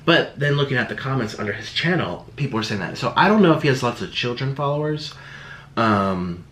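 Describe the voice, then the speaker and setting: A man's voice: medium pitch, expressive, a little fast, a bit bright, slight background noise. A young man YouTuber talking casually to camera, rambling and defensive, slipping into sarcastic quoted voices. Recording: echoey room.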